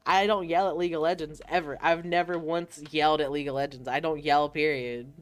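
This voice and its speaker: A woman's voice: low-pitched, fairly even intonation, fairly quick, faint music behind. A woman streamer from the United States in casual chat, laid-back and swearing freely, acting out quoted lines.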